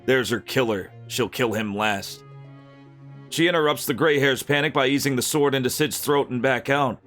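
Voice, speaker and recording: A man reading a dark, violent fantasy story aloud in an unhurried, gritty narration. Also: medium pitch, faint music behind.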